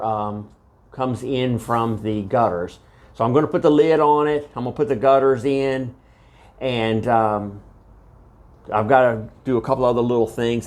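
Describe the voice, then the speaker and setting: A man's voice: mid-range voice, darkish tone. A man walking through his homestead project in a casual how-to video, rambling and correcting himself as he goes, holding a handheld microphone. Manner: rambling, halting, with frequent uhs and self-corrections. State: out of breath. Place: outdoor homestead fodder house.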